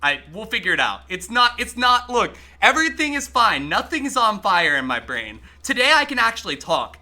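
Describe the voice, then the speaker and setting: A man streaming a game live, chatting excitably with his viewers and swearing freely as he plays. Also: sits high, normal speed. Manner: talks to chat while playing. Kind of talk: casual live-stream gaming commentary.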